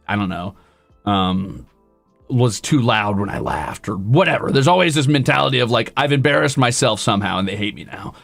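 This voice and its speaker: In a dry recording, a male streamer with a low-ish, creaky voice chats casually on a livestream. He rambles, addresses his chat and pokes fun at himself.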